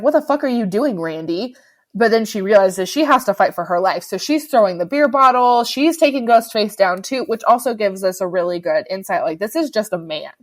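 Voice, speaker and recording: A woman co-hosting a podcast, eagerly retelling a horror film scene in casual chat. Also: medium pitch. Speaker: podcast co-host.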